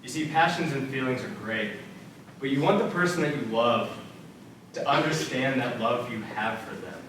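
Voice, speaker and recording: A young man addresses students with an earnest, casual faith talk, using plenty of "like" and "um" as he tells stories. His mid-range, fairly bright voice is expressive and moves at normal speed. He's a student speaker recorded from far away in a very echoey church center multipurpose room, with slight background noise.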